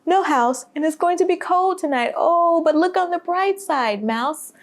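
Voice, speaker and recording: A woman's voice: very high voice, animated, unhurried, pitched above the performer's own voice. A woman voicing a smug, condescending man who talks down to a mouse with false sympathy. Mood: patronizing.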